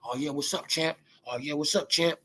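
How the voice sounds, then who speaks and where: A woman mimicking a fawning male podcast host who repeatedly greets a champ in a low, sycophantic voice. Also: normal speed, fairly bright tone. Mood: mocking. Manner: mocking, sycophantic, repetitive.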